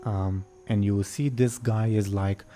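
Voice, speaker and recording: A man's voice: lowish voice, steady tone, a little slow, dark tone. A man running a tabletop game as game master, narrating hesitantly with many restarts and easy laughs.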